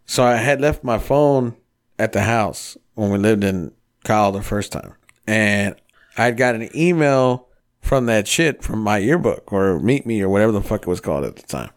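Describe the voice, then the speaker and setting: A man's voice: on the low side, expressive, normal speed. A man in his thirties hosting a casual podcast, telling long rambling stories full of swearing. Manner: profane, rambling storyteller. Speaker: podcast host.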